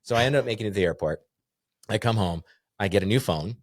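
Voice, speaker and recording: Fairly low-pitched and fast, this middle-aged North Idaho man is a guest speaker sharing stories in a relaxed podcast chat. He laughs frequently and performs the dialogue with animation, and the studio recording is clean with no room sound.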